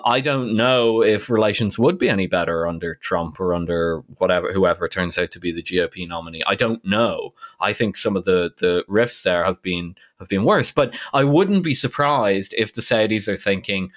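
A man co-hosting a casual current-affairs podcast, talking in an animated, incredulous way with frequent restarts. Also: deep voice, moderate pace, few pauses. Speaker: podcast co-host.

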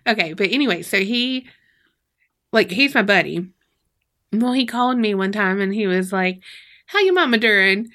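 A woman's voice: mid-range voice, normal speed, pauses often, a bit bright. A woman co-hosting a podcast in casual chat, rambling, giggly and swearing freely. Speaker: podcast co-host.

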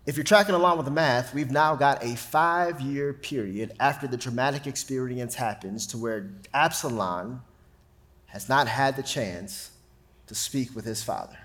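A man's voice: medium pitch, normal speed. A man preaching a sermon, reading scripture dramatically. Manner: animated, dramatic Bible reading. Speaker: pastor.

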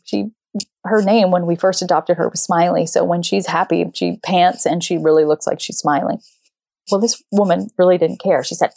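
An animated woman in her thirties or forties tells a personal story, springing up into high pitch whenever she acts out what someone said. The sound is dry and close, with no room around her voice. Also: normal speed, gravelly, no room sound. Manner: animated, acts out quotes with big pitch jumps. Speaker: speaker.

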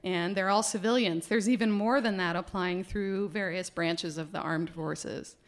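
A middle-aged woman giving a talk, telling a personal story in an animated, laughing way and acting out the quotes. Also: lowish voice, moderate pace.

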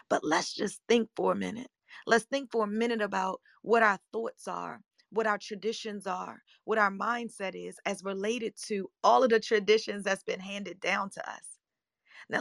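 A woman in her forties giving an upbeat motivational talk as a coach, her voice slightly hoarse and scratchy, often checking in with her listeners. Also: medium pitch, fairly bright tone, dry recording, clean studio sound. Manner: upbeat, emphatic, rhetorical check-ins. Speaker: life coach and live-room host.

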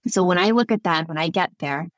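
A woman's voice: fairly low pitch, a little fast, no room sound. A woman wedding officiant, a podcast guest, telling stories in casual chat and laughing often. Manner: warm storyteller, laughs often.

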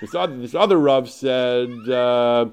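A man's voice: medium pitch, a little slow, a little mellow, smooth. A man giving an informal Torah lecture, animatedly retelling rabbinic rulings with constant restarts and repeated "he says".

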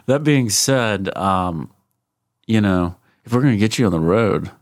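Low-voiced Southern podcast host. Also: male voice, animated, measured pace, no echo, clean studio sound. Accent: Savannah Georgia. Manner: laughs often, jokey and upbeat. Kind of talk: casual chat.

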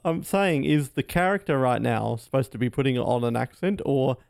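A man's voice: mid-range voice, expressive, normal speed, creaky, darkish tone, clean tone, no echo, clean studio sound. A young man co-hosting a casual movie commentary, skeptical and teasing in how he talks. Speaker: podcast co-host.

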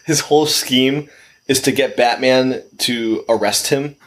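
A man's voice: mid-range voice, a little slow, a bit bright. A man co-hosting a horror film podcast, joking and laughing in profane banter. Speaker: podcast co-host. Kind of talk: casual film podcast chat.

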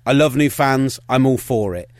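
A man's voice: medium pitch, dry recording, clean studio sound. A man co-hosting a podcast, talking sports in a casual, opinionated and wry way. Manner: opinionated, rapid-fire and wry. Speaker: podcast co-host.

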